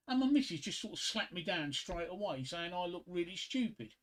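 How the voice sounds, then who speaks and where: A man's voice: high-pitched, sing-song, a little fast, a bit bright, poor audio. An older man hosting a casual solo livestream, rambling and self-deprecating as he chats to his viewers. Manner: frequent fillers and restarts. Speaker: livestream host.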